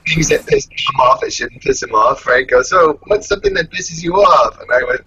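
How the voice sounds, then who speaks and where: A man with a nasal voice co-hosting a casual online chat show, chatty and sometimes dropping into soft near-whispers. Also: medium pitch, huge pitch swings, moderate pace, dull audio, slight background noise. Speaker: co-host. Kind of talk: casual chat over a video call.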